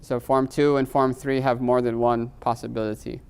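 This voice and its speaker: A man's voice: medium pitch, flat delivery, normal speed, creaky, darkish tone, clear, resonant tone. A middle-aged man teaching Arabic grammar in a live class. He explains patiently, moves between English and Arabic terms, and keeps checking in with "right?".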